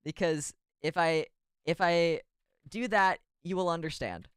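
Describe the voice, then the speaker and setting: Male vtuber, giggly rambling chat, smooth clear voice, dry close sound. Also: fairly high pitch, measured pace, a bit bright, no echo. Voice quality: rambling, giggly, self-deprecating. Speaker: VTuber streamer. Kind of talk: casual stream chat.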